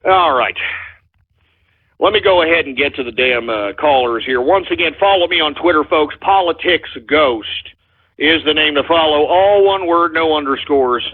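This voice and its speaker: Pitched fairly high and speaking at a moderate pace, a male radio host takes calls while ranting angrily. He swears at the audience and bellows insults at trolls, with audio that sounds tinny and phone-like.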